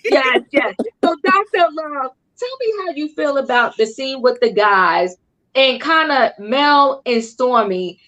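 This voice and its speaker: A woman's voice: sits high, animated, measured pace, bright, forceful tone. A woman hosting a casual recap chat, chatty and emphatic, often repeating herself. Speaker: host.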